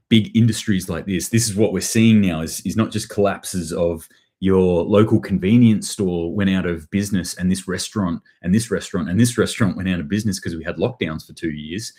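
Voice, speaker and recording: Deep-voiced man, rambling commentary. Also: dark tone, slightly rough. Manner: rambling, repeats and restarts phrases, sardonic. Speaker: host. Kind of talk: live news commentary, reading chat.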